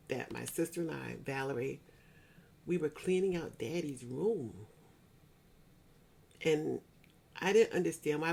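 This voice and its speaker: Middle-aged woman, gravelly timbre, earnest churchgoing testimony, repeats herself for emphasis. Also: low-pitched, a little mellow. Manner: earnest and repetitive, often circling back to restate a point; spiritual, church-going tone. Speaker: speaker sharing a personal grief story. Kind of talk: heartfelt personal testimony.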